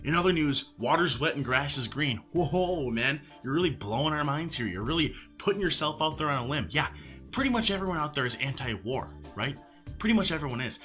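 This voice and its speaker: A man's voice: mid-range voice, bright, forceful tone. A man giving mocking, sarcastic commentary as he reacts to posts. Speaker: YouTube commentator.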